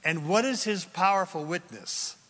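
A man preaching a sermon, telling stories in an animated way and acting out the people in them. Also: high voice, normal speed, in a large hall. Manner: animated storytelling, acting out voices, laughing. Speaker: pastor.

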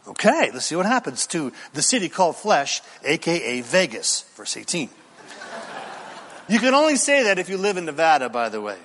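A man preaching a sermon, animated, with rhetorical questions to the congregation and dramatic pauses. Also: on the high side. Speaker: pastor. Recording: long reverb in a large hall.

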